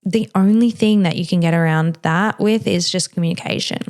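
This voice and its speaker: A woman's voice: on the low side, normal speed, darkish tone. Frank, chatty woman podcast host. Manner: frank, chatty, heavy use of "like" and "you know". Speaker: mother. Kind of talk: casual advice chat.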